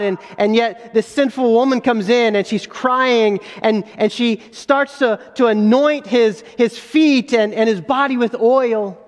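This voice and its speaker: A man's voice: sits high, long reverb tail. A man preaching a sermon as a pastor, earnest, with rising emphasis and frequent restarts.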